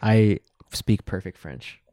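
A man's voice: lowish voice, expressive, slow, mellow, clear, resonant tone, no room sound, studio quality. A man co-hosting a podcast, talking in a laid-back, slangy way. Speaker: podcast co-host. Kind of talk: casual chat.

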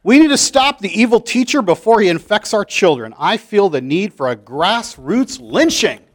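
A man voicing a fiery preacher who rallies his flock with booming, drawn-out preaching. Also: very animated. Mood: rousing.

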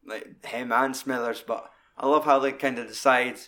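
A man's voice: mid-range voice, moderate pace. A man in casual film talk, swearing often and acting out lines from scenes. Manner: animated, sweary, acts out quotes.

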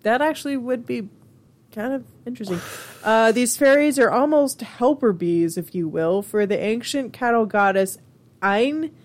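Female host, slightly high voice, reads lore then riffs giggly. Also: moderate pace. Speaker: host reading fairy lore. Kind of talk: casual chat and reading aloud.

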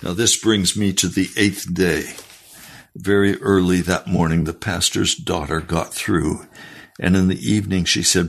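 Slow, husky-voiced pastor preaching. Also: male voice, fairly even intonation. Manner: earnest, pleading, rises in pitch when exhorting. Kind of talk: sermon with read-aloud testimony.

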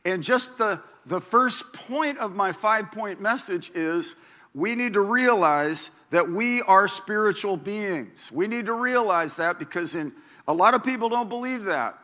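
A man in his sixties, a pastor, preaching a sermon in a chatty, animated way, acting out quotes and stories. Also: a little slow. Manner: animated, chatty, acts out quotes with big pitch jumps.

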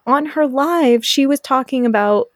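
A woman's voice: sits high, measured pace, no room sound, clean studio sound. A young woman, a podcast guest, telling a personal story in casual chat and acting out the people in it. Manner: animated, acts out quoted people.

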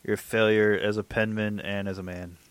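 Laid-back low-voiced male host. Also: little pitch movement, normal speed, clean tone. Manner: laid-back, teasing, laughs often. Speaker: podcast host. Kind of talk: casual chat.

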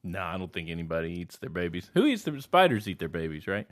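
A man's voice: deep voice, big pitch swings, quick pace. A man co-hosting a casual podcast chat, laughing often and acting out quotes in raised voices. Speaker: podcast co-host.

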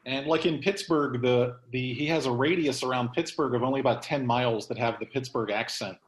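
A man's voice: medium pitch, fairly even intonation, brisk, echoey room, low-quality recording. A man hosting a casual podcast chat, rambling along with many ums and restarts. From Texas. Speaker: host.

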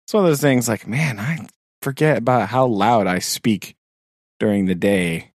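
A sixth-grade teacher co-hosting a podcast chats casually, rambling with fillers and laughing often. His medium-pitched voice keeps a moderate pace, recorded in a clean studio with no echo.

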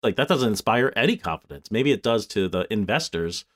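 A man chats about films on a podcast. His pitch rises and falls a lot as he talks, and he drops casual swear words along the way. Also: brisk. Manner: animated, swears, swings pitch for mock quotes. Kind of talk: casual chat.

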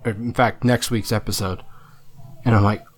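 A man's voice: on the low side, flat delivery, normal speed. A man, a parent, co-hosting a podcast in casual chat, rambling and swearing freely. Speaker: podcast co-host.

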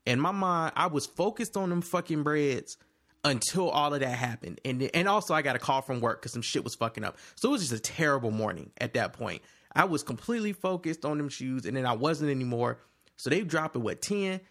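A man in casual chat with friends, telling stories in an animated, profane way. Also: a little high, fairly quick.

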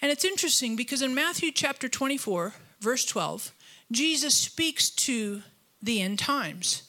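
A woman preaching a church sermon, telling stories with lively, self-deprecating humor. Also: high-pitched, a little slow. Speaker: guest preacher. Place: church auditorium.

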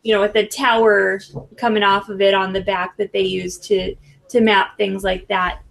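A woman with a gravelly, fry-laden voice chats on a podcast. She talks hesitantly and casually, circling back and restarting her sentences. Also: medium pitch, flat delivery, moderate pace, fairly bright tone. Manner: hesitant, many restarts and fillers. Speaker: podcast co-host. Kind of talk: casual chat.

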